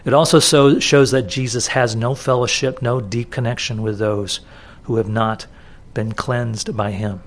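A man delivers a sermon from the pulpit in an easy, conversational manner. His voice sits at an ordinary middle pitch, and he restarts phrases and repeats key words to drive a point home. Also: fairly even intonation, a little slow, few pauses, a little hiss or hum. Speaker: pastor. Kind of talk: expository sermon.

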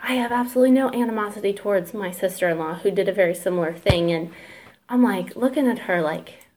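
Quick-paced and darkish in tone, a medium-pitched woman in her 30s shares her testimony as a church member. She's open, talkative and emotional, with plenty of fillers and side comments.

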